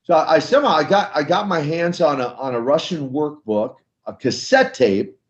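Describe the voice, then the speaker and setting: Animated older man telling stories. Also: on the high side, moderate pace. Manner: animated storyteller acting out dialogue. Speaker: guest, former wrestler turned minister. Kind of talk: storytelling interview. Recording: slightly dull lo-fi sound.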